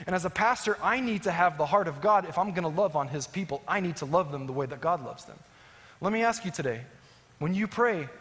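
High-voiced preaching pastor in a reverberant hall. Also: male voice. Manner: preaching with rising emphatic lines and soft, low endings. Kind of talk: sermon.

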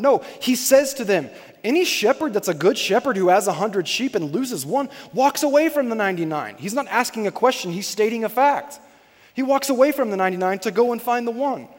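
A man with a high-pitched voice preaches a sermon. He speaks conversationally but with emphasis, often repeating his key points. His voice carries a long reverb, like a large hall. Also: animated, brisk. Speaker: pastor.

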